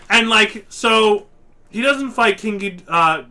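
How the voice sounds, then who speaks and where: A tipsy man on a casual comedy podcast, rambling excitedly and swearing as he explains monster films. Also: very high-pitched, normal speed, slight background noise. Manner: rambling, excitable, profane, acts out monster voices. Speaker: podcast guest explaining a film franchise.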